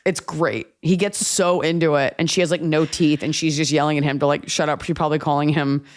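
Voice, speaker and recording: A woman's voice: deep voice, a little fast. A woman in her thirties hosting a podcast, chatting casually with jokes and acted-out voices. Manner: animated, jokey, acts out voices. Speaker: podcast host. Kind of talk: casual comedic chat.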